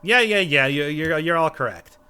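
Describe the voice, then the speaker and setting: Man, game commentary, bright voice, lively swings in pitch, joking, casual. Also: moderate pace, clear, resonant tone. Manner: animated, joking, talks to game characters. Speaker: gaming let's-player.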